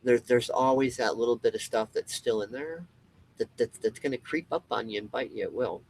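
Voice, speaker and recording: A man's voice: mid-range voice, fairly quick, a little mellow, low-quality recording. A man hosting his own show, delivering an impassioned, rambling monologue with frequent swearing and restarts. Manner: rambling, emphatic, swears, restarts a lot, mocking quoted voices. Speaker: show host.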